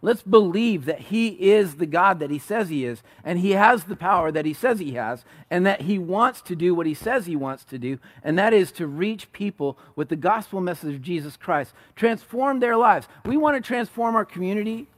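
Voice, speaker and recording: A man preaching a sermon as pastor, conversational, rising to loud emphatic peaks and dropping to soft low asides. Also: expressive, moderate pace, few pauses, no echo.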